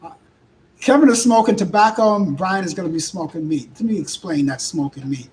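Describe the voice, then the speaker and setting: A hoarse older man with a Brooklyn accent, hosting a live talk show in rambling casual chat with halting restarts. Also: high voice, a little mellow, a little hiss or hum, poor audio. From Brooklyn, New York. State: hoarse, voice worn out. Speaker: host.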